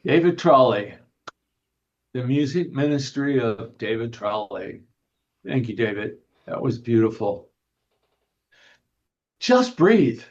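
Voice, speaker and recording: A man, a minister, giving a sermon in a gentle, unhurried way, guiding the listeners through breathing and telling light humorous anecdotes. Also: medium pitch. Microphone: video call. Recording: dull lo-fi video call audio.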